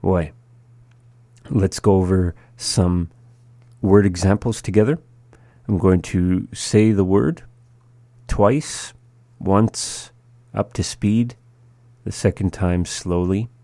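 A man teaching a language lesson, saying each word and then repeating it slowly and patiently for practice. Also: low voice, fairly even intonation, warm tone, no echo. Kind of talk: slow spoken language lesson.

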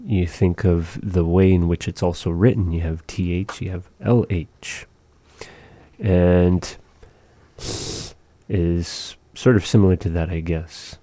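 A man with a very low, mellow voice teaches pronunciation at an unhurried pace. He demonstrates sounds carefully and explains them patiently, recorded close and dry. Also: fairly even intonation, no room sound. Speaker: language teacher.

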